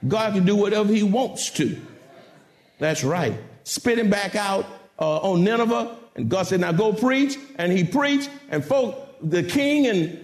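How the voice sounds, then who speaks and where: A male pastor preaching a sermon with dramatic swings, rising to shouts and calling out to the congregation. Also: sits high, lively intonation, moderate pace, roomy sound.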